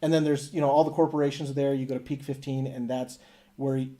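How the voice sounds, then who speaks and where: A man's voice: mid-range voice, fast talker. A man hosting a casual podcast, recapping a video game and acting out the characters' lines. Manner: animated storytelling, acts out quotes. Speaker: podcast host.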